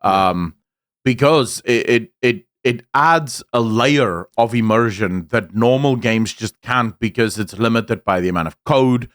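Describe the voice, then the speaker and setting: A man co-hosting a casual gaming podcast, easygoing and quick to laugh along, with hedging asides. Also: mid-range voice, a bit bright, no echo, clean studio sound. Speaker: podcast co-host. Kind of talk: casual chat.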